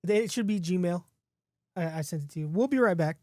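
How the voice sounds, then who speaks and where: A man with a mellow, warm voice reads his homemade spooky story aloud in a podcast, chatty and playful. He is recorded close on a dry mic with no room sound. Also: high-pitched, animated, a little fast, no echo. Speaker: podcast host. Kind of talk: casually reading his own spooky story.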